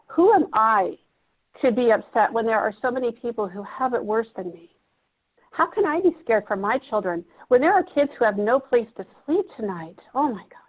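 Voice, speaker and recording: A woman gives a reflective teaching talk to a room of therapists, putting questions to the audience. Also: medium pitch. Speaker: presenter at a training. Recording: muffled phone-like audio.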